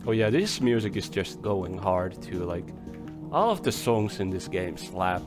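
A young man casually commenting on his gameplay, chatty and swearing, his voice hoarse from coughing. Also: low voice, animated, unhurried. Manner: chatty, swears, talks to creatures on screen. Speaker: let's play gamer. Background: game music.

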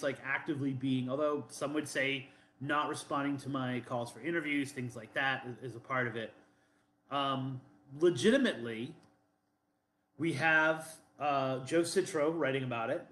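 A man's voice: medium pitch, a bit bright. Rambling man with echoey room sound. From Boston. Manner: rambling, defensive, many fillers and restarts. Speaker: podcast co-host. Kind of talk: casual chat.

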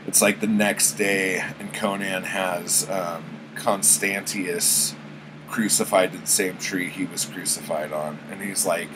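A man giving a casual spoken recap of a book, rambling, swearing freely and filling pauses with "um" and "like". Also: deep voice, flat delivery, noisy background. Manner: rambling, full of fillers and swearing. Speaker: book vlogger.

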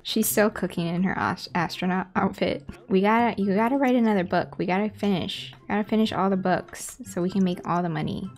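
A woman's voice: mid-range voice, a little fast, few pauses. Chatty woman narrating her gameplay. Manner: chatty, reacting aloud to the game. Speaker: gaming video host. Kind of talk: casual gameplay commentary.

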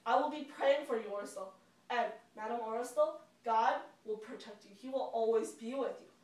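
A woman doing a calm, kind missionary man. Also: fairly high pitch, moderate pace, lightly acted. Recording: echoey room from far off.

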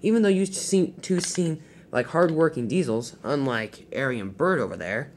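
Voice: mid-range voice, animated, normal speed, slight background noise, lightly acted. A young storyteller voicing a firm, severe railway controller in a toy-train story. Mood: stern. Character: stern railway boss, a portly controller.

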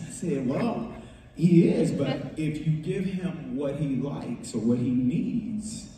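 Lively male storyteller, somewhat higher voice, heard from a distance in a reverberant room. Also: takes it slowly, slight background noise. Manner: lively, acts out quotes with voices, laughs often. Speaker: music producer telling a story. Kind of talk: animated storytelling on a talk show. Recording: echoey hall, voice far from mic.

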